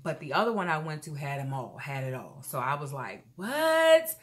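A woman chatting casually to her viewers in an animated haul vlog, calling them y'all and feeling a little unwell. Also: rumbling low, brisk. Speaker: vlogger.

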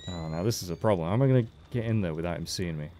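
A man's voice: low voice, racing, dark tone, slight background noise. A man giving casual, joking game commentary as a let's play host, with frequent swearing. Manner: chatty, joking, swears freely.

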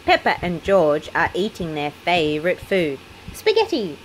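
A woman reading a children's picture book aloud in an expressive storytelling way. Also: low voice, moderate pace, slight background noise, low-quality recording.

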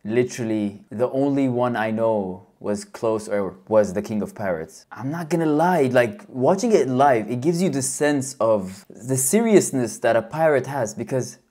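A man hosting his own channel, giving casual, excitable fan reaction commentary with loud cheering outbursts. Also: mid-range voice, moderate pace, hardly any pauses.

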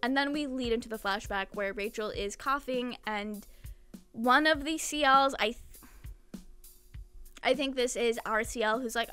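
A woman's voice: a little high, normal speed, pauses often, sharp tone, smooth, faint music behind. A young woman in her twenties giving a chatty, giggly, slang-heavy casual recap of a manga as a commentator.

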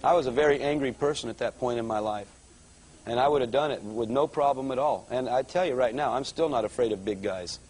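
Man, mid-pitched voice, live church testimony, chatty storytelling that grows excited. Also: a little fast, breathy edge, low-quality recording. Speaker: guest speaker giving a testimony.

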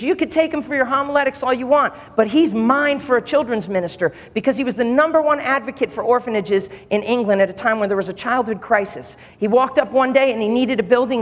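A man preaching a sermon to church leaders, emphatic and repeating phrases for effect. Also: very high voice. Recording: long hall reverb.

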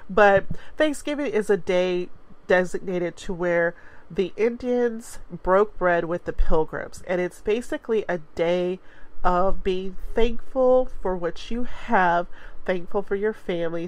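A congested woman in her forties, a radio host chatting casually and rambling with small laughs. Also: on the low side. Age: 40s. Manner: rambling, laughs between thoughts. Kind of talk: casual chat.

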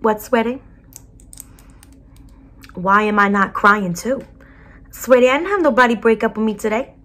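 A woman voicing a brash, blunt school counselor with a New Jersey accent, in a whispered role-play. She talks with a breathy, soft voice and keeps calling the listener sweetie. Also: on the high side, moderate pace. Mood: blunt, soothing.

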